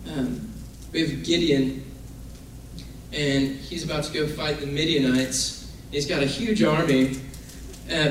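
Echoey far-off preacher, high voice. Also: male voice. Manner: casual, conversational, acts out quoted figures. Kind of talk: sermon. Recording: very echoey room from far off, faint noise.

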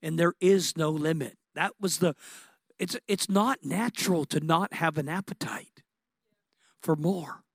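A man preaching a sermon with passion, his delivery rising to excited peaks and dropping to quiet, intimate moments. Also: fairly high pitch, measured pace, breathy edge, dry recording. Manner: impassioned, building to excited peaks.

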